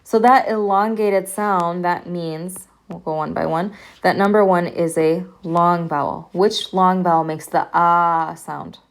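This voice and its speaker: Slow, patient woman language teacher. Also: fairly low pitch, fairly even intonation. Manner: slow, patient, repeats sounds for students to hear. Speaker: Arabic language professor. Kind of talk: recorded online lecture.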